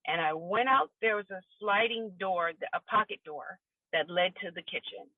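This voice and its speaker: A woman's voice: mid-range voice, normal speed, no room sound. A woman who is a podcast guest earnestly recounts a personal story and acts out the dialogue she remembers in the quoted voices. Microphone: phone call. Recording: tinny phone line.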